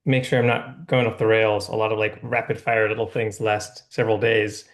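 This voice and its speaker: A man's voice: fairly low pitch, little pitch movement, a little fast. A man shares a personal check-in over a video call. He speaks hesitantly, with frequent fillers and restarts as he tries to find the right words. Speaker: participant.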